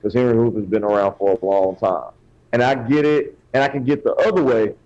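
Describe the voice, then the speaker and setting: A man's voice: medium pitch, a little fast, mellow. A man co-hosting a casual podcast, arguing his side hesitantly and often repeating words. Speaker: podcast co-host. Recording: dull lo-fi sound.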